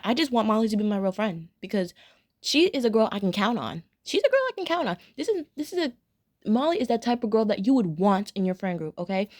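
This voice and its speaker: A woman's voice: a little high, darkish tone. Young woman gushing through a rambling review. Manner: gushing, rambling with many fillers and restarts. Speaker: cartoon episode reviewer. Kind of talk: casual spoken review.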